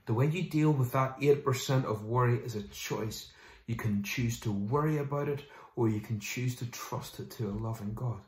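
Male pastor, mid-pitched, animated conversational preaching in a roomy, echoey space. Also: normal speed. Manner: animated, mimics people in quoted asides. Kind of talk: sermon.

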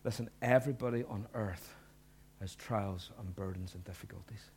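A man's voice: fairly low pitch, normal speed, breathy edge. Earnest male pastor preaching with swings in volume. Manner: earnest, swings from soft hushed lines to loud emphatic bursts. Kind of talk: sermon.

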